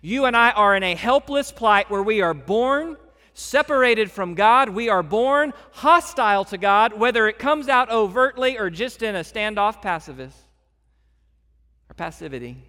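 A man delivers a sermon from the pulpit, his fairly high, bright and forceful voice rising to loud emphatic peaks and dropping to hushed, intimate passages. The sound hangs in the long reverb of a large church sanctuary. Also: animated, moderate pace. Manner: swings between loud emphatic preaching and soft hushed delivery. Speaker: pastor.

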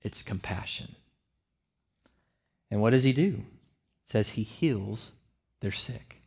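This pastor's voice is on the low side, husky with vocal fry, and he keeps a measured pace. Preaching a sermon on a passage, he animatedly performs the disciples' lines, raising his voice for them.

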